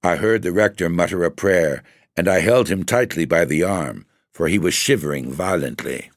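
A man reading a horror story aloud as narrator, in a measured, grave and dramatic manner. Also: low-pitched, no echo, studio quality.

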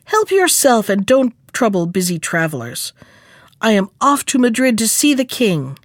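A woman's voice: on the high side, sing-song, moderate pace, no echo, clean studio sound. Woman doing a cocky, rude little half-chick. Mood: scornful. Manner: cocky, scornful. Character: boastful rude one-legged young male chick.

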